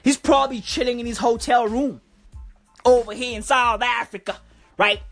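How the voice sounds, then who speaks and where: A woman doing a comic rant, animated and profane, full of slang. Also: fairly high pitch, moderate pace, faint music behind. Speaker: comedy vlogger.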